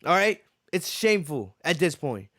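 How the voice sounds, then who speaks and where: High-voiced man ranting on a podcast. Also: very animated, moderate pace, bright, forceful tone, no room sound, studio quality. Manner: ranting, repeats himself, profane. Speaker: podcast host. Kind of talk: heated wrestling show review.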